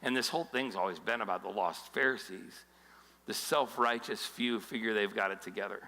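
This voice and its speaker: A man preaching a casual, joking sermon as pastor, telling stories with quick voices for the people he quotes. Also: fairly low pitch, pushed and bright, big-room sound, low-quality recording. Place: church auditorium.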